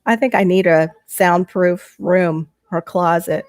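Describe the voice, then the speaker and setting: A middle-aged woman hosting a casual livestream from home, reading chat aloud and chatting on a headset mic, laughing often as her voice jumps up when excited. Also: fairly low pitch, unhurried, no room sound, clean studio sound. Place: small home bedroom.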